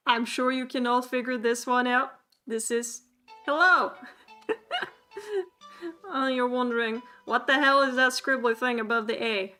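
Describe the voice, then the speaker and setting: Woman, playful livestream lesson, giggly, sharp bright tone, high pitch. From Sweden. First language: Swedish. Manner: giggly, laughs often, playful and chatty with chat. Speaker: streamer teaching a language class.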